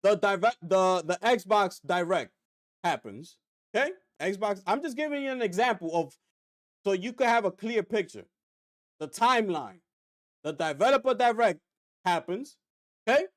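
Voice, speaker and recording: Sitting high in pitch, this streamer's voice moves a little slowly, broken by long pauses. He rants animatedly over the game, firing off rhetorical questions and slipping into mocking voices.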